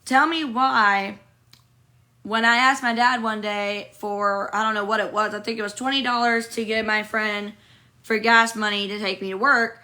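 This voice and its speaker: Hoarse woman venting bluntly, bright voice. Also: on the high side, fairly even intonation, moderate pace. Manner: blunt, profane, rambling. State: hoarse from illness. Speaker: livestreamer reading viewer comments. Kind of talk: casual livestream venting. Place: hotel room.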